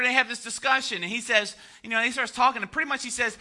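A pastor preaching with a light lilt, his high voice ringing bright and forceful. He keeps it conversational and jokey, checking in with the congregation with quick "right?" asides. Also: steady tone. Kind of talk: sermon.

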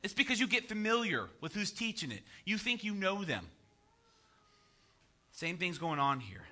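Bright, high-voiced joking pastor. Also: male voice, sing-song, moderate pace. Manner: joking, conversational preaching with rhetorical "right?" asides. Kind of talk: sermon.

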